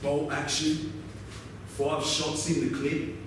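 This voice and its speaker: An actor with an Australian accent playing a weathered, laconic outback roadhouse local who drawls through a swearing yarn. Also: male voice, on the high side, little pitch movement, slow. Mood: wry. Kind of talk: theatrical monologue. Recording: very echoey, distant mic, noisy ambience.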